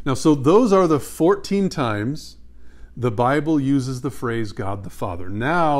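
Male Bible teacher, mid pitch, emphatic, quizzes his class on scripture. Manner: emphatic, asks the audience questions and repeats answers.

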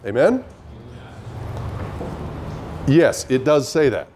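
A man's voice: mid-range voice, sing-song, extremely slow, darkish tone, slight background noise. A man teaching the Bible in an earnest way, often asking his listeners questions.

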